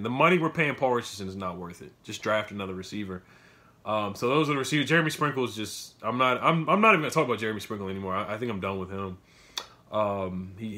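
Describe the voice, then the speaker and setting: Emotional young man ranting about football. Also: fairly low pitch. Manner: emotional, swings between loud outbursts and quiet mutters; filler-heavy, repeats himself. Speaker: sports fan commentator. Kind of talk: casual fan reaction monologue.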